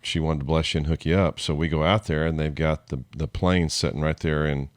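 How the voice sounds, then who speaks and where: Man, podcast host, halting reminiscing, very deep voice, dry sound. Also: steady tone, no echo. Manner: halting, full of fillers and restarts. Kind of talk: casual reminiscing chat.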